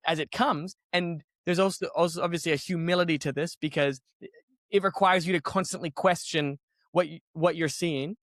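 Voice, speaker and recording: Male podcast guest, high-pitched, reflective talker; dry close-mic sound. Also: a bit bright, no echo. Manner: reflective, thinking aloud with restarts. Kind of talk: casual conversation.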